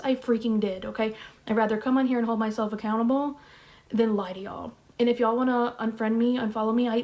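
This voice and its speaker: A woman's voice: on the high side, darkish tone. A woman in her thirties telling a personal story to camera in a chatty, blunt, slangy way. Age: 30s. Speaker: vlogger.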